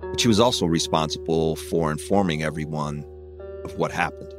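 A man narrating a true crime story in a measured, somber scripted read. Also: extremely low pitch, fairly even intonation, over music.

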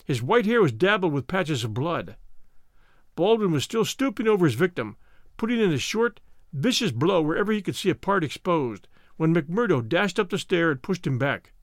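A man narrating a story aloud as host, measured and steady in his delivery. His pitch moves lively and sits a bit higher than most men, recorded close and dry. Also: no echo. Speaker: host and reader. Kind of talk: audiobook narration.

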